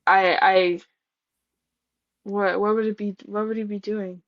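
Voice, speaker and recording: A woman's voice: medium pitch, level tone, unhurried, no room sound, lo-fi sound. A woman co-hosting a podcast, talking casually in a blunt, wry and profane way. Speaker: podcast co-host. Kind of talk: casual wrestling chat.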